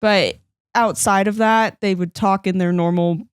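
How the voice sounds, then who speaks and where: A woman co-hosts a casual film chat, speaking at a middle pitch in a chatty, expressive way. Her voice is close and dry, with no room around it. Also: a little slow, clear, resonant tone, dry recording. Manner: chatty and expressive, with some ums. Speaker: podcast co-host.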